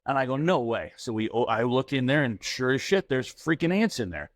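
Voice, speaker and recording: A middle-aged man co-hosting a podcast in casual chat. He tells a family story and acts out each line of dialogue, in a plain, mid-pitched voice. The sound is close and dry, with no room around it. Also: animated, a little fast, dry recording. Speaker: podcast co-host.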